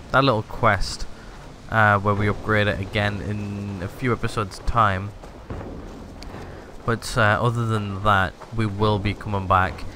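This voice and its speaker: A man's voice: on the low side, background noise. A man casually commenting on his gameplay, rambling with many fillers and hesitations. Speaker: gaming video host. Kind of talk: casual let's-play commentary.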